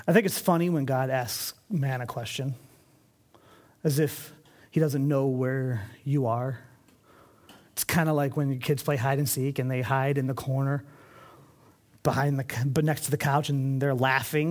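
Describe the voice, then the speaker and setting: A man's voice: mid-range voice, steady tone, normal speed, darkish tone. A man preaching a sermon as a pastor, reading scripture aloud and then explaining it with everyday examples.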